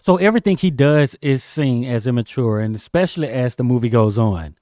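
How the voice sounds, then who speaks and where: A man's voice: medium pitch, animated, fairly quick, dark tone, no room sound, studio quality. A man co-hosting a casual film discussion podcast, making reflective comments and asking questions. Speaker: podcast co-host.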